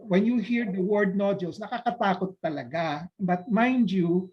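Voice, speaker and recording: A man's voice: high-pitched, moderate pace. Filipino-accented male doctor, patient mixed-language lecture, muffled lo-fi sound, video-call mic. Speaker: doctor giving a live talk. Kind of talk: informal medical Q&A lecture. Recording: dull lo-fi audio.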